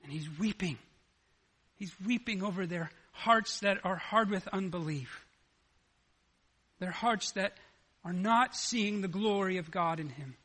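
A man preaching a sermon, animated and acting out the scripture dialogue as he retells it. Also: sits high, measured pace, long pauses, slightly rough. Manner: animated, acts out the scripture dialogue in lively voices. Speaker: pastor.

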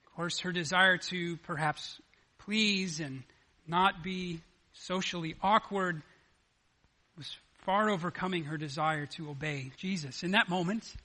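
A man preaching a sermon, animated and acting out the scripture dialogue as he retells it. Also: sits high, a little slow. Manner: animated, acts out the scripture dialogue in lively voices. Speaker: pastor.

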